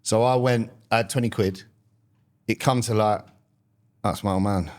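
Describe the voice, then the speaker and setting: A young man talks in a lowish voice, laid-back and full of slang. He spins everyday stories on a casual comedy podcast. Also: steady tone, normal speed, a little mellow. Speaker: podcast host.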